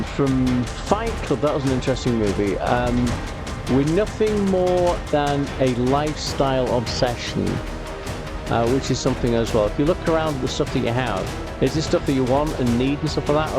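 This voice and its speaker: A man's voice: medium pitch, moderate pace. A man rambling casually through gameplay commentary and a story, with many fillers and restarts. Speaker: gaming YouTuber. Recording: game music behind the voice.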